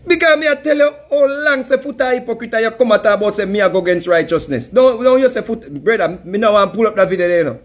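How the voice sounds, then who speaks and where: A man's voice: sits high, brisk. A man with a Jamaican accent giving a heated, mocking commentary rant. He laughs often as he talks. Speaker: commentary host.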